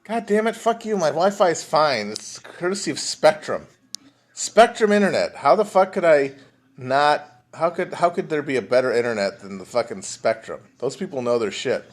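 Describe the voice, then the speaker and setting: Alone at home, a male podcast host runs a casual solo livestream, rambling, swearing and poking fun at himself while breathing heavily into a phone mic. His voice is a little high and expressive, at normal speed.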